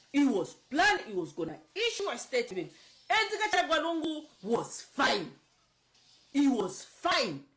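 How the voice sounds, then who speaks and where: A woman from Zambia speaks in emotional political commentary, her voice swinging widely in pitch. She sounds upset and close to tears, and she presses her points by repeating them. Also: fairly bright tone, rough recording. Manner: emotional, insistent, repeats herself. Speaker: political advocate.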